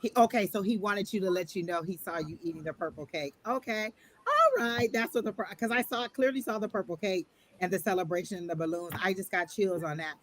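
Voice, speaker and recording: A man gives a live online tarot reading in a gentle, reassuring way and often circles back over the same phrases. His voice sits a little high for a man. A faint hiss of noise runs underneath. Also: fast. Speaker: tarot reader and psychic.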